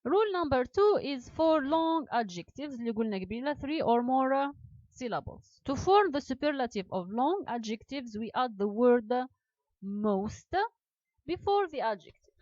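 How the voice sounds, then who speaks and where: A woman teaching English grammar, repeating each example slowly and explaining it again in Arabic. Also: high-pitched, very animated, a little mellow, no room sound. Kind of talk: classroom grammar lesson. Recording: dull lo-fi sound.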